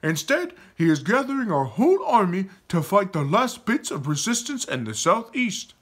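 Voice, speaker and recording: A man's voice: high voice, sing-song, normal speed, husky, voice pushed up, heavily acted. A man voicing a proud, defiant young male prince of a forest tribe who pleads urgently with his father, in a storybook reading.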